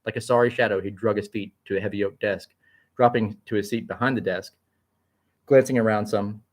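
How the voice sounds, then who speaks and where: A man narrating a story aloud in a quick, vivid, expressive style. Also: fairly low pitch. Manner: quick, vivid, occasional slips and restarts.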